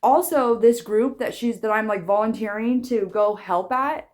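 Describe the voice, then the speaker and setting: A woman's voice: on the high side, moderate pace, a little mellow. A young woman talking casually in a vlog, chatty and rambling, with frequent restarts. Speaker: vlogger.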